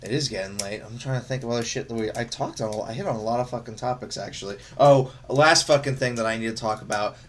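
A young man chatting casually, telling profane, animated stories with bursts of laughter. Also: mid-range voice, fast, hardly any pauses, slight background noise. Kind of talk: casual chat.

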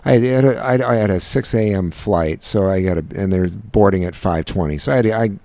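Deep gravelly man, tired and exasperated. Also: darkish tone, no echo. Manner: exasperated, profane, halting storytelling. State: tired from lack of sleep. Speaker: podcast co-host. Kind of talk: casual chat.

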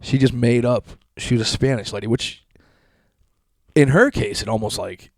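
A man's voice: mid-range voice, normal speed, no echo, clean studio sound. A young man from Massachusetts, ranting on a podcast in a crude, sarcastic, swear-heavy monologue.

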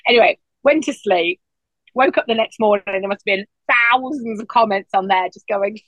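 A woman talking casually as a podcast guest, telling lively stories and putting on high voices for quotes. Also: brisk, no echo. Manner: animated storyteller, acts out quotes in a high voice. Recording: dull, dry lo-fi sound.

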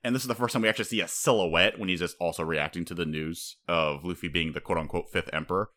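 A man co-hosting a casual chat, excitable and swearing freely, sometimes acting out characters. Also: sits low, fast. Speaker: podcast co-host.

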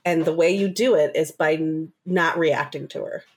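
A woman co-hosting a casual chat, telling a story with lively acted-out quotes and laughter. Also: low-pitched, moderate pace.

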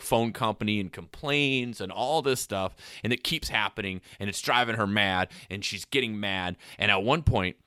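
A man's voice: on the low side, no room sound, clean studio sound. A man co-hosting a podcast, casually retelling a TV episode with lots of laughs. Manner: animated storyteller, laughs often. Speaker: podcast co-host.

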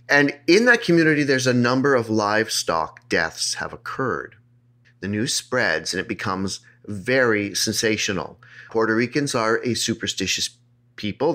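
A man with a mid-range, fairly bright voice hosts a podcast and tells a creepy legend as casual storytelling chat. He treats it playfully and jokingly, putting on silly voices.

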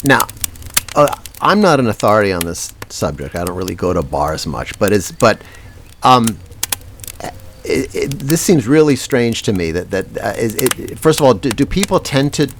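Guy host asking questions, kinda halting, lively pitch. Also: noisy background. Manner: hesitant, asks questions. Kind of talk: casual chat.

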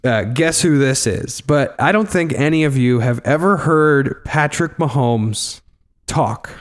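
A man's voice: medium pitch, measured pace. A man hosting a casual podcast, talking loosely and rambling, swearing freely. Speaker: podcast host.

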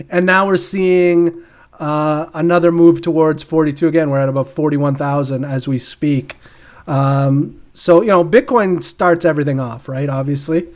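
A man co-hosting a casual podcast, rambling through market talk with many fillers, restarts and frequent laughs. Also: a little high. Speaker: podcast co-host. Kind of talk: casual crypto market chat.

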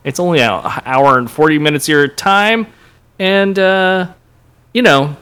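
A man's voice: fairly high pitch, a little slow, smooth. A man in his thirties, a podcast co-host, talking casually and playfully and laughing often. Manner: animated, laughs often, playful put-on voices. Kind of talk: casual chat.

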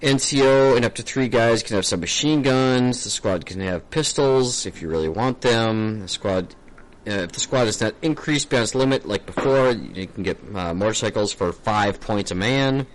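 Wisecracking low-voiced man. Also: animated, normal speed, low-quality recording. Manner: wisecracking, laid-back. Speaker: podcast co-host. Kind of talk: casual chat, reading game rules aloud.

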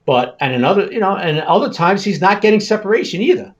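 A man's voice: high-pitched, very animated, quick pace, highs cut off. A man co-hosting a sports podcast, talking frankly and casually with lots of "you know". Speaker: podcast co-host.

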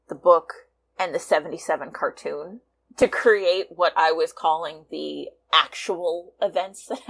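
A woman fanfiction writer talking as a guest in a casual interview, animated and laughing often. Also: low voice, gravelly, husky.

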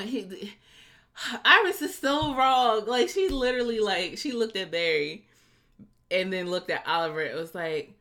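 Animated woman recapping a TV episode. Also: measured pace. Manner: animated, acts out quotes with big pitch jumps. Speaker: podcast co-host. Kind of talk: casual chat recapping a TV episode.

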